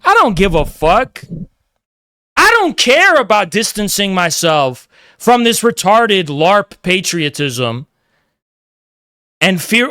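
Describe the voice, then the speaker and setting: Bright-voiced, profane man ranting. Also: high voice, big pitch swings, slow pace, long pauses, no room sound, clean studio sound. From United States. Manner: profane, combative, repetitive. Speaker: streamer. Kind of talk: heated livestream rant.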